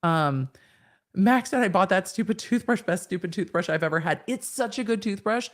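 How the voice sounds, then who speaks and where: A woman's voice: mid-range voice, expressive, normal speed. A woman in her thirties hosting a live stream, reading viewers' chat comments aloud and answering them in a frank, chatty way.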